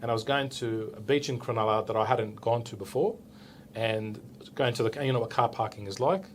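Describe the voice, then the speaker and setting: With a faint hiss or hum in the background, this Australian man in his forties, a police officer being interviewed, speaks briskly at a medium pitch. He recounts a story in a relaxed, lively way, performing the dialogue and adding "right?" to his lines.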